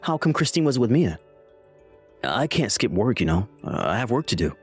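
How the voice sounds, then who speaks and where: A man's voice: mid-range voice, very animated, normal speed, slightly rough. A man reading the lines of a lying, jobless husband who defends himself to his mother, in a scripted text-message story. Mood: evasive. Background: faint background music.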